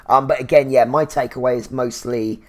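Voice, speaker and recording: A man talks through a TV episode in a loose, chatty recap. He leans on fillers and keeps breaking into excited little exclamations. His voice sits at an ordinary middle pitch for a man. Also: normal speed. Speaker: TV review show host. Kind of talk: casual episode recap and review.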